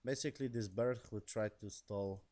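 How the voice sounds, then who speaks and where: A man's voice: on the low side, fairly quick, dark tone. A young man giving a casual, rambling episode review in non-native English, swearing often and laughing between remarks. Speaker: show reviewer.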